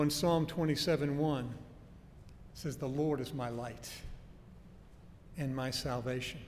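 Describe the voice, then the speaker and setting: A man preaching a sermon in an earnest, emphatic way, slowing down to stress key phrases. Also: mid-range voice, a little mellow. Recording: faint noise and long hall reverb.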